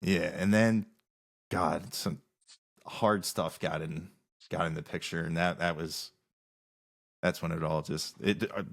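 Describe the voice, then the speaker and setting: A man's voice: low-pitched, steady tone, a little slow, gravelly, pauses often. A man, a musician guest on a podcast, telling rambling stories in casual interview talk with many restarts.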